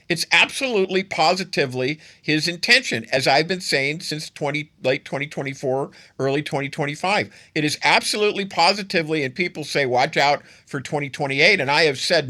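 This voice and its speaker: A man hosting his own political commentary show, talking in a bright, forward voice. He leans hard on his points and repeats phrases to drive them home. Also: on the high side, animated, normal speed. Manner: emphatic, repeats phrases for stress.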